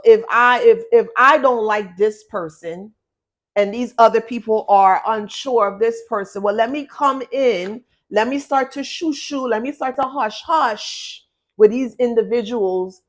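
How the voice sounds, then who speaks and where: A woman giving a spoken tarot reading to her viewers, blunt and emphatic, repeating words and swearing for stress. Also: medium pitch. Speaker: tarot reader.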